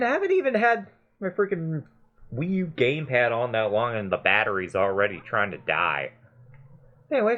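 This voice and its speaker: A man hosting a let's play, giving excitable, gushing game commentary and swearing casually. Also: medium pitch, lo-fi sound.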